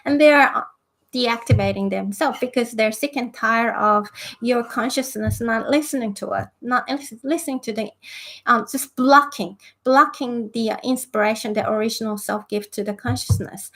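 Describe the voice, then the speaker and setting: A woman's voice: fairly high pitch, normal speed, fairly bright tone. A woman hosting a spiritual self-help monologue, talking hesitantly with many fillers. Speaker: spiritual talk host.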